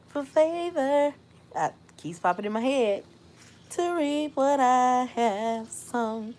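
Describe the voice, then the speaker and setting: A young woman hosts a casual livestream, speaking at a slow, unhurried pace. She turns reflective between bursts of laughter and thanks her viewers by name. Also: fairly low pitch. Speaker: host.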